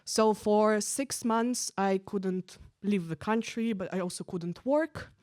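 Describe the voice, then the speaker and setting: A young woman telling a stand-up story into a stage mic, loose and conversational, full of little "like"s and "um"s. Her voice sits at an ordinary middle pitch. The sound is dry and close, with almost no room echo. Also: slow pace, a little mellow. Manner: casual, chatty, full of "like" and "um". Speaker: stand-up comedian. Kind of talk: stand-up comedy set. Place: stage at a live event.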